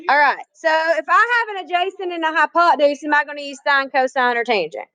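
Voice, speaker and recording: A woman's voice: high-pitched, fairly quick, pushed and bright, no echo, low-quality recording. A woman teaching a math class, chatty and often asking the students questions. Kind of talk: classroom lesson.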